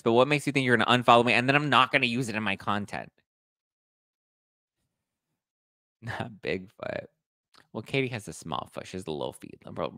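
A man hosting a reality TV gossip podcast in a sassy, animated, self-deprecating way. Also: on the low side, no echo. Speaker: podcast host. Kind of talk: casual reality TV gossip recap.

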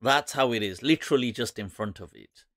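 A man, an Islamic scholar, giving casual commentary to camera in an animated, mocking way, laughing often. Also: medium pitch, a little fast, dry recording, studio quality.

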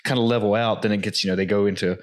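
A man's voice: fairly low pitch, steady tone, very fast. A man hosting a podcast, chatting casually and rambling through his points. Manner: rambling, many fillers and restarts. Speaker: podcast host.

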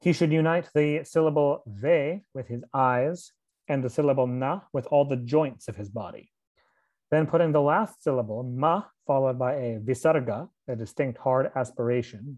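Reading an old scripture in translation, a man with a darkish, ordinary-pitched middle voice proceeds carefully and steadily. Now and then he pauses to explain a term in a casual aside, with the odd filler, then returns to the text, as a reader and teacher of scripture would.

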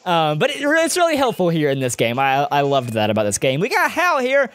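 A man's voice: fairly high pitch, animated, a little fast, smooth. A young man doing let's-play commentary, chatty and rambling, often drifting off on tangents. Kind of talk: video game commentary.

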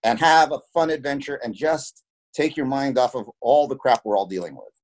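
A man's voice: mid-range voice, lively intonation, normal speed. A man talks as an interview guest about his work in film and television. He tells anecdotes in an earnest way, often repeating a word as he restarts a sentence. His voice sits in the middle range for a man. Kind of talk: conversational interview, telling anecdotes.

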